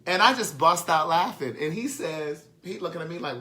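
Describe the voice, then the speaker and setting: A man's voice: fairly high pitch, quick pace, hardly any pauses, pushed and bright. A man telling a funny personal story in a casual, swearing monologue on a live stream, laughing at himself as he goes. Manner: chatty, swearing, laughing at his own story.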